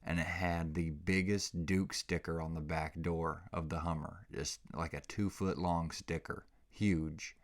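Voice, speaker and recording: Deep-voiced, slow-talking man podcasting. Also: steady tone. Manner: rambling, self-mocking, jokey. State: slightly out of breath. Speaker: podcast host. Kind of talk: casual solo podcast chat. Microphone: podcast microphone.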